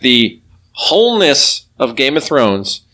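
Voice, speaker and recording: A man's voice: mid-range voice, very animated, slow pace, bright, forceful tone. A man co-hosting a podcast in casual chat, giving easygoing, agreeable answers. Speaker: podcast co-host.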